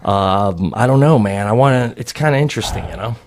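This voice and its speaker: A man co-hosting a comedy podcast, telling a rambling, animated story in casual chat. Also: on the low side, fairly quick, slight background noise. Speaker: podcast co-host.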